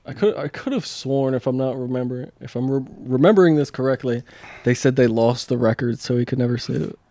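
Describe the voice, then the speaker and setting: A man in his thirties co-hosts a podcast, chatting casually in a loose, rambling style packed with fillers and swearing. He speaks fast in a warm, mid-range voice, with no room sound.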